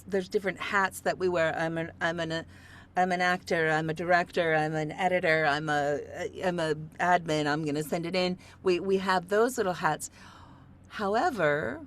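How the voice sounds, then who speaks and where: A woman's voice: on the low side, measured pace, slight background noise. A woman hosting an interview as an acting coach, speaking earnestly and often repeating words as she gets going. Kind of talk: casual interview talk.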